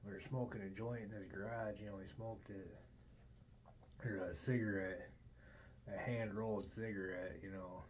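A man's voice: fairly low pitch, steady tone, moderate pace, a little hiss or hum, poor audio. A middle-aged man hosting a podcast, rambling through a casual story with constant swearing and "dude". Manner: profane, says "dude" constantly. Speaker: podcast host.

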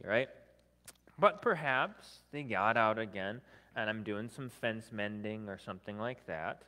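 A man preaching as a guest in a church sanctuary, keeping it conversational and light, tossing in "right?" at the end of his points. His voice sits at an ordinary middle pitch, and a long church reverb trails behind every phrase. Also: fairly bright tone. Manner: conversational, often adds "right?"; self-deprecating humor. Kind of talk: sermon.

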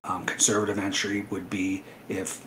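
A man's voice: deep voice, flat delivery, normal speed, a bit bright, a little hiss or hum, rough recording. A man hosting a live trading webinar, talking casually through his trades with lots of fillers and a dry, sarcastic edge. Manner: loose, rambling, many fillers, dry sarcasm.

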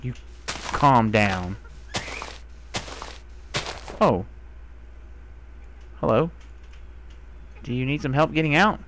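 Young male gamer, casual commentary, slow delivery, lively pitch, chatty with the animals, faint noise floor. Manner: talks to the animals, excitable, sometimes swears.

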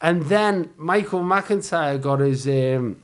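A man's voice: a little high, takes it slowly. Scouse fella in his 40s telling stories on a podcast, does all the voices, swears a lot. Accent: Liverpool (Scouse). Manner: animated anecdotes, acting out other voices, swearing, laughing. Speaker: comedian guest. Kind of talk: casual storytelling chat.

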